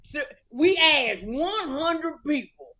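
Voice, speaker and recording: A woman impersonating a booming country-drawl game show host. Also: animated, full character voice. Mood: showy. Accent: Southern US. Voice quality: loud, drawn-out showman delivery.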